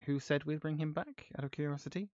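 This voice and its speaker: A man's voice: fairly high pitch, fast, darkish tone, lo-fi sound. A man playing a tabletop game who asks curious, hesitant questions. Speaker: player.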